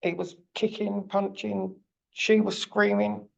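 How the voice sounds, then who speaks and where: Blunt woman telling her story, gravelly voice, kinda muffled lo-fi audio. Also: mid-range voice, flat delivery, takes it slowly, darkish tone. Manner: blunt, plain-spoken storytelling with acted-out quotes. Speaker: parent advocate. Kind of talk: telling a personal story in a seminar.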